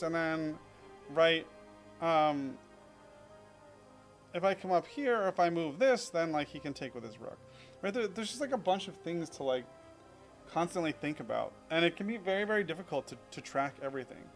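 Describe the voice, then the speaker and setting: Young man, slightly high voice, rambling, self-critical, filler-heavy, casual game review. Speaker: chess streamer reviewing his own game.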